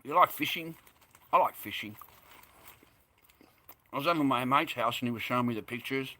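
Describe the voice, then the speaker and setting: A man's voice: medium pitch, brisk, pushed and bright. A rambling, chatty man with an Australian accent, talking casually to his viewers and laughing easily. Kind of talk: casual chat to camera.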